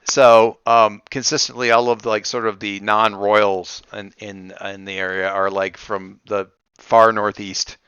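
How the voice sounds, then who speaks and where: A man runs a tabletop game in a bright, crisp voice. He thinks out loud and stops and restarts often. The sound is dry and close. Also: on the low side, level tone, no room sound, lo-fi sound. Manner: halting, with many restarts and fillers. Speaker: game master.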